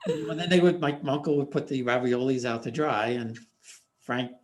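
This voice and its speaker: A man's voice: medium pitch, normal speed, slight background noise. A middle-aged man hosting an interview, telling easygoing anecdotes with lots of fillers. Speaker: podcast host. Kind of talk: casual interview chat.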